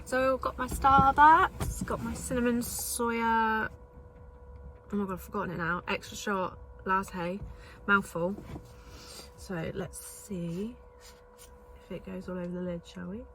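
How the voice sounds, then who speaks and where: A woman's voice: mid-range voice, unhurried, fairly bright tone, slight background noise. A woman chatting casually in a vlog from inside a car, filling her talk with "like" and dry, self-mocking asides. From England. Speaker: beauty student reviewing lipstick.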